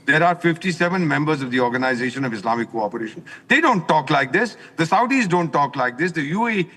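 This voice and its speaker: A man's voice: a little high, expressive, fast, slightly rough, in a large hall. Indignant older man phoning in from a car. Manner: forceful, indignant, lecturing. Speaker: former ambassador, guest commentator. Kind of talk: phone-in commentary while driving.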